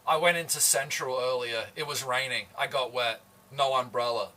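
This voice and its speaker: A man from Adelaide with a slight Australian accent, chatting casually with his livestream viewers while he cooks. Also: medium pitch. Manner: slow, relaxed, chatty, greeting viewers. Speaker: livestream host. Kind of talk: casual chat while cooking. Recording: voice somewhat far from the mic.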